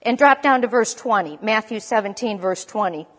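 A woman's voice: mid-range voice, expressive, normal speed, big-room sound. A woman preaching a sermon in a conversational way, stopping to correct herself as she goes. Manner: conversational, with restarts and self-corrections.

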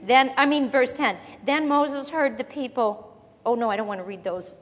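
A woman preaching a sermon, teaching from the Bible in a conversational, animated way with quick asides. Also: high-pitched. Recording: long reverb of a large hall.

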